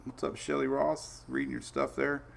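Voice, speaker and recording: A man's voice: mid-range voice, little pitch movement, normal speed, creaky, slight background noise. Chatty man hosting a weather stream. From Florida Gulf Coast. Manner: chatty, greets viewers by name, tells stories with quoted asides. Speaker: weather show host. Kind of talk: casual livestream chat.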